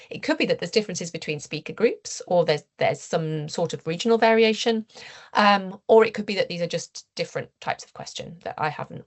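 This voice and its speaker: A woman researcher with a lowish voice presents her findings at an academic seminar. She explains them in a measured way, often saying "um" and restarting sentences.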